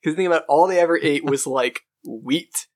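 A young adult man in casual chat, quick and laughing, eager to jump in. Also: a little high, a little mellow. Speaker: podcast guest.

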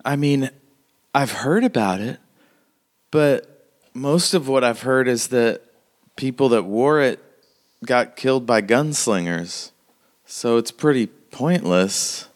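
A man's voice: mid-range voice, takes it slowly, long pauses, voice pushed up, natural voice. A man voicing a timid, kind young townswoman who stammers and hesitates. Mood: earnest.

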